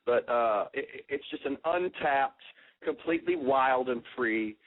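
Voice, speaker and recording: A man's voice: mid-range voice, expressive, unhurried. A man from Texas with a Southern accent, chatting as a guest on a radio interview, laid-back and joking, swearing casually. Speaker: guest musician. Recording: tinny phone line.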